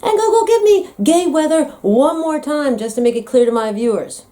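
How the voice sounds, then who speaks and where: An American woman vlogging in a comic, teasing monologue. Her voice sits a bit high and swings widely in pitch. She plays up every point with dramatic flair. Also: expressive, moderate pace, warm tone. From United States. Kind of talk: comedic vlog monologue.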